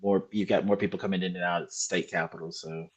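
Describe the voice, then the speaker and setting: A man from Texas chatting casually, relaxed and trailing off. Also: sits low, quick pace. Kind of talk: casual chat.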